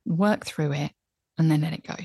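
A woman in her thirties speaks with an earnest, reflective manner as a podcast guest. Her voice sits on the low side for a woman. The recording is close and dry, with no room sound. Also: normal speed, slightly rough, dry recording. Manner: earnest, reflective, animated when recounting. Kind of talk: candid conversational advice.

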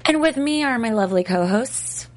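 A woman's voice: fairly high pitch, lively intonation, normal speed. A woman hosting a casual TV recap chat, bubbly and laughing often. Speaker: host.

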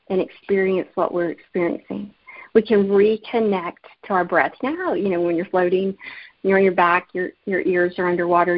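A woman's voice: on the low side, no room sound. A woman author from Alabama, telling her story in an earnest, storytelling way during an interview and laughing easily. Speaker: author and guest. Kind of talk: interview conversation. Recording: muffled lo-fi remote audio.

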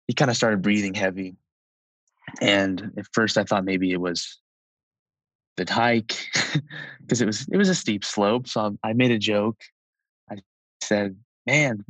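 Guy in his 20s telling a story from his life, lowish voice, super casual, lots of "like", dry close sound. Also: no echo, rough recording. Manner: conversational, with frequent "like" and soft laughs. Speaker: storyteller recounting a personal experience.

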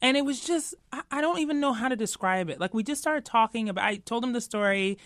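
A woman's voice: a little high, lively intonation, fast talker, fairly bright tone, no room sound, studio quality. A woman being interviewed, talking animatedly and laughing easily, peppering her talk with "you know". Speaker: guest, tech executive. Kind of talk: casual interview chat.

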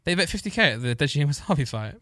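A man's voice: on the high side, sing-song, fast talker, sharp tone, no room sound. Playful young man, dry studio sound. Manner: laughs often, playful banter. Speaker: podcast co-host. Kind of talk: casual chat.

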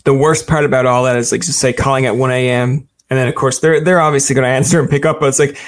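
A man's voice: medium pitch, steady tone, fast talker. A man interviewing a guest in a loose, rambling way, acting out quotes as he talks. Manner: chatty, rambling, acts out quotes. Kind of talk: casual interview chat.

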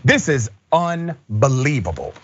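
A man's voice: mid-range voice, sing-song, measured pace, breathy edge, dull audio. A man hosting a news commentary show, talking in an indignant, emphatic way. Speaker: host.

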